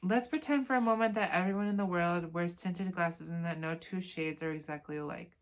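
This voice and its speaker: Brisk and lowish-voiced, a woman works through a self-help book in a casual lesson. She reads aloud, then tosses in chatty asides and corrects herself.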